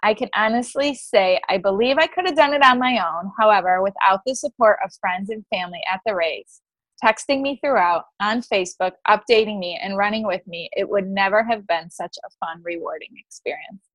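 A woman's voice: medium pitch, a little fast, fairly bright tone, no echo, poor audio. A woman co-hosting a podcast, reading her own blog post aloud, giggly and easily moved. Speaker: podcast co-host.

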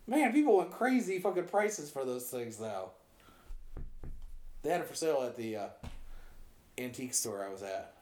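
A man's voice: medium pitch, sing-song, normal speed, long pauses, a little mellow, echoey room. A man co-hosting a casual chat, rambling and doubling back as he tells stories. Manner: rambling, self-interrupting storyteller. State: coughing. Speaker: podcast co-host.

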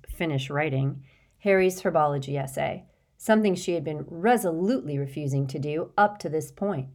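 Low-voiced woman narrating a storybook. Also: darkish tone. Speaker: audiobook narrator.

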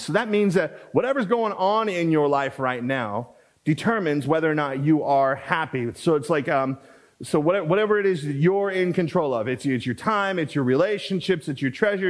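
Pastor guy preaching, fairly high voice, chatty, repeats lines to drive them home. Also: lively intonation, brisk. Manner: conversational, repeats for emphasis, asides. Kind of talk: sermon.

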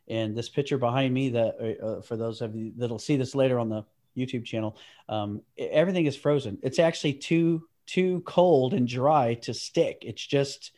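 A man's voice: mid-range voice, moderate pace, dark tone. A man co-hosting a casual chat, joking and hesitating with ums. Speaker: co-host.

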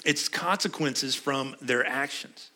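Pastor, male, middle-aged, bright voice, chatty sermon delivery that questions the room. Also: medium pitch, slow pace. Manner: conversational, asks the congregation questions.

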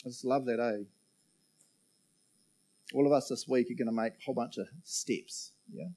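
A man's voice: medium pitch, steady tone, moderate pace, mellow. A man preaching a casual sermon, joking around and checking in with the crowd after almost every point. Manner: chatty and jokey, keeps checking in with the crowd.

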